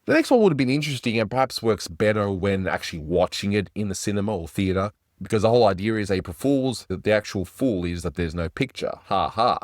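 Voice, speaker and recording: A man hosts a casual review of classic cartoons, chatty and enthusiastic. His voice is low. The recording is dry and close. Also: expressive, quick pace, few pauses, no room sound. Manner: enthusiastic, chatty, does little voice impressions. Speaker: animation reviewer host.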